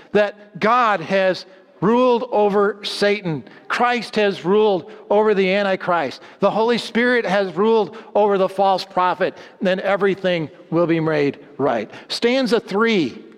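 A man with a notably high voice preaches a sermon, moving from brisk storytelling to slow, low readings of scripture. He repeats words for emphasis. His voice carries a long reverb, as if in a large hall. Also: clean tone. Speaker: pastor.

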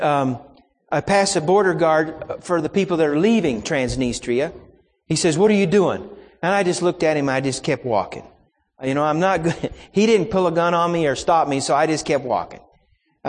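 A man's voice: on the high side, in a large hall. A man preaching a sermon, telling a personal story in a folksy, anecdotal way and acting out the exchanges.

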